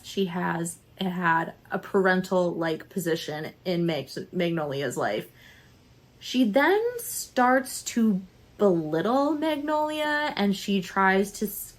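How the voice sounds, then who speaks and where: A young woman vlogging a casual, animated book review, chatty and quick to laugh. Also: mid-range voice.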